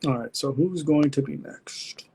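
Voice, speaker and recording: A man hosting a casual live-stream Q&A, talking in a relaxed, thoughtful way. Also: on the high side, measured pace, creaky, slightly rough. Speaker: livestream host.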